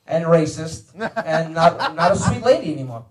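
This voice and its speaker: A man telling profane, animated stand-up stories about his family and acting out their voices. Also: on the high side, normal speed. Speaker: comedian guest telling stories. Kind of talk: stand-up storytelling. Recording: roomy, far from the mic.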